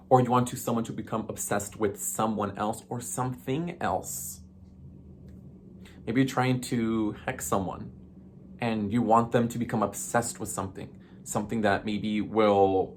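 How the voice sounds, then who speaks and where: A man's voice: lowish voice, a little hiss or hum. A man hosting a casual witchcraft tutorial, chatty and playful with sassy asides and frequent ums. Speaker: witchcraft video host.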